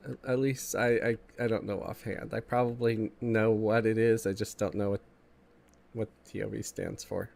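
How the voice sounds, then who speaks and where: A man's voice: fairly low pitch, little pitch movement, moderate pace, vocal fry, darkish tone. A man with a stuffy, congested morning voice, casually chatting with viewers while streaming a game and reading chat aloud. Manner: laid-back, chuckling, reads chat aloud.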